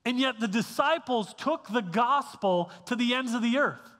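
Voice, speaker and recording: A man with a high, bright voice preaches a sermon in a church sanctuary. He talks conversationally, stumbling over restarts and tossing in quick checks with the room. The sound carries a long reverb from the hall. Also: lively intonation. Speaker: pastor.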